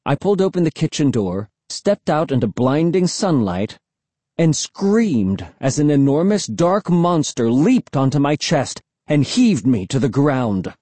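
A man reading an audiobook in expressive first-person narration. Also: fairly high pitch, a little slow, dry recording. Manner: expressive storytelling.

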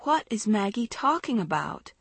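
A woman's voice: medium pitch, very animated, moderate pace, husky, no room sound, voice pushed up. A woman narrator voicing a groggy, irritated teenage girl woken from sleep, in a dry recording. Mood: sleepy. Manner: groggy, sullen.

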